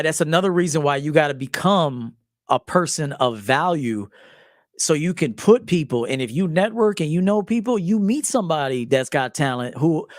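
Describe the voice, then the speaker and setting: Profane, animated man in his forties. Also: on the high side, no room sound, clean studio sound. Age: 40s. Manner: profane, animated storytelling with acted quotes and laughs. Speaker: men's life coach. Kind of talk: casual monologue to camera.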